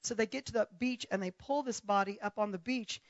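A woman preaching a testimony with animated, storytelling energy, acting out the voices of the people she describes. The recording is dry and a little dull, with no room echo. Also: medium pitch, brisk. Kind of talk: testimony sermon.

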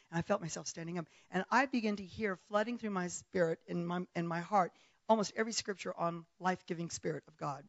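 A woman preacher telling a dramatic personal story in a sermon, emphatic, with loud bursts and frequent restarts. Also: on the low side, fast, dry recording, highs cut off.

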